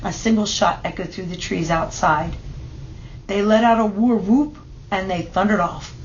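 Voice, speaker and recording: A woman reading a children's picture book aloud in steady, measured narration. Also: mid-range voice, muffled recording, slight background noise. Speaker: storybook reader.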